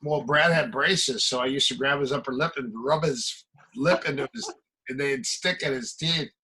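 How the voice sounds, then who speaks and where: Animated man telling martial arts stories. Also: a little high, moderate pace, vocal fry, slight background noise, poor audio. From American Midwest. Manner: animated anecdotes, acting out quoted exchanges. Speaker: guest, martial arts coach. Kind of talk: casual storytelling.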